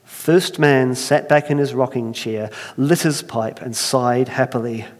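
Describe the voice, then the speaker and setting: A male pastor giving a sermon, conversational and self-deprecating, slowing down to tell a once-upon-a-time story. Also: mid-range voice, steady tone, in a large hall.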